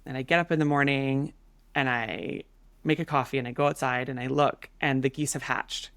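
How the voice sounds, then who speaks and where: A woman in her thirties, a podcast guest, telling a story in a casual, animated way with many fillers. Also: very deep voice, moderate pace, no echo. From Canada.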